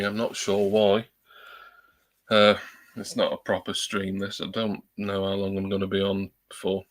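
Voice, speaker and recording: A man at home, chatting casually on a live stream and testing a new desktop USB microphone, rambling and self-deprecating with many ums. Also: on the low side. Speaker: livestreamer. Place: at home at a computer.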